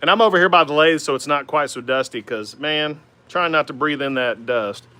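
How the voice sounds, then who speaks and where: Oklahoma guy in his 40s rambling to his stream chat from the shop, kinda high and bright voice, laid back. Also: brisk, smooth. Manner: easygoing, rambling, lots of "man" and "uh". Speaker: woodturning livestream host. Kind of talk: casual livestream chat answering viewer comments. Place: home woodworking shop by the lathe.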